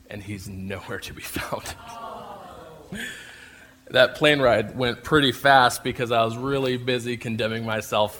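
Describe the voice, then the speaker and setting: A man with a fairly low, slightly bright voice tells a personal faith story, acting out scenes and laughing at himself along the way. There's a little hiss or hum in the recording.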